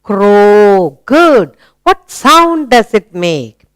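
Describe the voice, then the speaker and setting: A woman leads a children's phonics lesson, asking simple questions and praising each answer. Her voice is smooth and clear, and she takes her time. The recording is close and dry. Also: mid-range voice, lively intonation, dry recording. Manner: slow, patient questioning with praise. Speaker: teacher.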